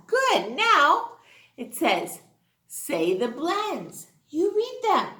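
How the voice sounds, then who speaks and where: A woman teaching a children's phonics lesson in an exaggerated, sing-song way, gasping with excitement as she asks questions. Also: high-pitched, drawn-out words, reverberant.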